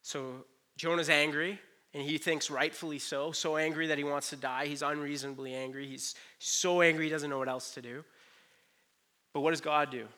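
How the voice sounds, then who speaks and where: A man's voice: fairly high pitch, steady tone, moderate pace, bright, forceful tone. A man in his thirties preaching a sermon in an earnest, conversational way, with frequent "you know" asides. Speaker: pastor.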